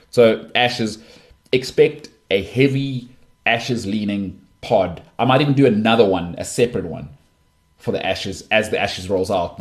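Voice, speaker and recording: Here a middle-aged podcast host runs a solo sports show, his voice on the lower side and slightly mellow. He argues his views emphatically and keeps breaking off to restart.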